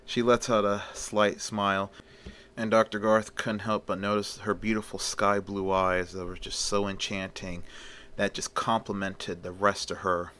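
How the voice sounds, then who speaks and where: A man's voice: lowish voice, flat delivery, a little slow, pushed and bright, slight background noise. A man casually retelling a film story as a fan version, rambling and conversational, with many "well"s and "he's like"s.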